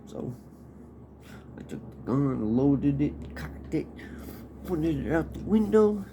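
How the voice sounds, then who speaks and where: A man's voice: medium pitch, creaky, mellow. A man casually telling a personal story in a laid-back, profane, rambling way. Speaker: podcast host. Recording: noisy background hiss.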